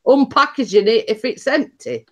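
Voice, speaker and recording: A woman's voice: fairly high pitch, expressive, normal speed. A woman chatting casually, giggling and teasing her friends. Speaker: host. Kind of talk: casual chat.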